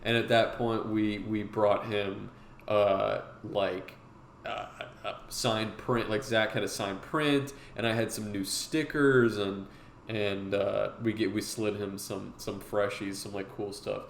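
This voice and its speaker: A man's voice: fairly low pitch, steady tone, slow, creaky. A man hosting a live-stream drawing tutorial, chatting casually and rambling with lots of fillers. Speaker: streamer and artist teaching drawing. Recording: roomy with faint noise.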